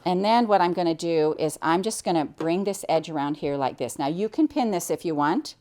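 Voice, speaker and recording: A woman's voice: fairly low pitch, lively intonation, brisk, darkish tone. A middle-aged American woman teaching quilting, chatting cheerfully as she explains each step while she cuts and sews. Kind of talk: hands-on sewing tutorial.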